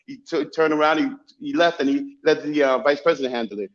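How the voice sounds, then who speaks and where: Animated man telling stories, lo-fi. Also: a little high, quick pace, few pauses. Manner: animated, many repeats and restarts. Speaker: guest. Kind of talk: casual storytelling.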